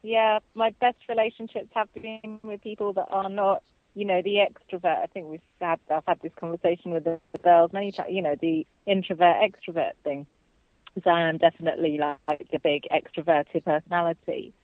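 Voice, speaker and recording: A woman's voice: fairly low pitch, flat delivery, fairly quick, dry recording. A woman co-hosting a radio show, chatting casually and laughing easily. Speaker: radio co-host. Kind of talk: casual chat. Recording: tinny phone line.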